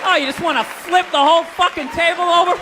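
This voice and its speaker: A man doing a stand-up comedy routine, ranting and swearing in an animated way to a live audience. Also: very high-pitched, quick pace. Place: large hall with an audience. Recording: echoey hall, faint crowd noise.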